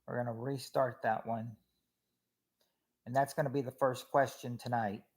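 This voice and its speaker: A man's voice: medium pitch, little pitch movement, moderate pace. A man casually hosting a family game show on a livestream, reading out viewers' answers and names, with a lot of hesitant restarts. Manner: chatty, reads chat names, hesitant restarts.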